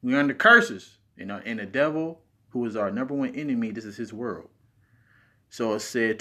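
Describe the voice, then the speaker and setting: A man's voice: mid-range voice, expressive, normal speed, sharp tone. Bible teacher, male, slight speech impediment, hits key words hard when reading verses. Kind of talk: scripture teaching video.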